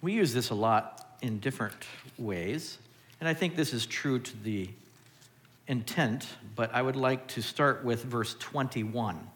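A man's voice: medium pitch, measured pace, fairly bright tone. A man preaches in a loose, conversational way and keeps putting rhetorical questions to his listeners. His voice sits in an ordinary middle register, and a long reverb from a church hall trails behind each phrase. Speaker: pastor. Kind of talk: sermon.

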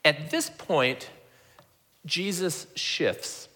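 A man's voice: on the high side, expressive, drawn-out words, pushed and bright. A man preaching a conversational sermon that reads scripture and acts out its dialogue, often repeating words as he restarts a thought. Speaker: pastor.

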